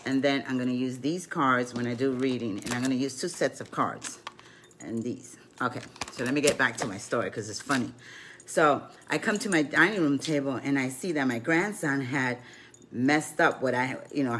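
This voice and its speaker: An older woman, a grandmother, tells a rambling story between rune and card readings in a casual vlog, peppering it with "you know" asides. Her voice is very deep, and there's a little hiss or hum on the recording.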